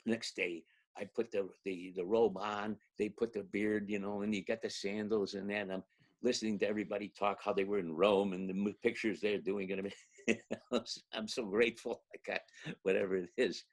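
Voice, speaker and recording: Older guy with a husky lowish voice, tells stories, does the voices, laughs a lot. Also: moderate pace. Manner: animated storyteller, acts out quotes, laughs often. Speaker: actor guest. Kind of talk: anecdotal storytelling.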